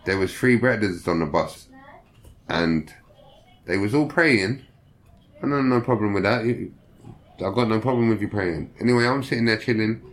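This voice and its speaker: A young man telling prison stories in casual slang, swearing and acting out the people he quotes. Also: mid-range voice. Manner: profane, animated, acts out quoted voices. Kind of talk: casual storytelling.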